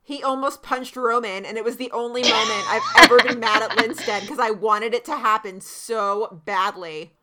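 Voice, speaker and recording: A woman's voice: on the high side, wildly swooping pitch, normal speed, few pauses, bright, forceful tone. A young woman co-hosting a podcast, reacting emotionally and gushing in a casual recap chat. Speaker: podcast co-host.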